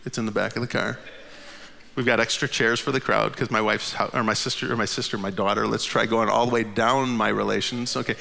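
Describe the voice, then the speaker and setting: Animated man in his fifties telling a story. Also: vocal fry, in a large hall. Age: 50s. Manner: animated, jumps high in pitch at the funny parts; drops low and quiet for tired asides. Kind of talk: personal storytelling to an audience.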